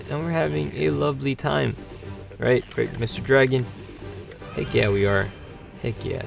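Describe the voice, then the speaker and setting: A man hosting a weekly gaming livestream, sleepy and yawning, rambling between bursts of excitement. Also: medium pitch, normal speed, gravelly, pauses often, soft background music. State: tired, yawning. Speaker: livestream host. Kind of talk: gameplay livestream commentary.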